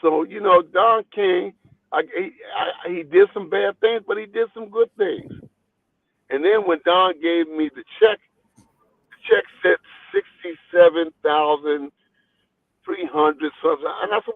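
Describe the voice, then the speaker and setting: A boxing trainer telling stories in a phone interview, talking in an animated, rambling way and repeating his words. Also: sits high, unhurried, creaky, dry recording. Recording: tinny phone line, dry.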